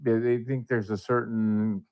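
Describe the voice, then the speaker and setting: A male guest on a radio talk show, speaking calmly and easily in casual conversation. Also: lowish voice, a little slow. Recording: slightly dull lo-fi sound.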